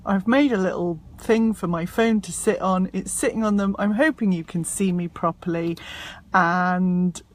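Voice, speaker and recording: A woman's voice: fairly low pitch, fairly even intonation, moderate pace. A woman chatting casually on a live stream from inside her parked car, bubbly and self-mocking, into a propped-up phone. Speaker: self-help author and happiness coach. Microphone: phone propped up in front of her.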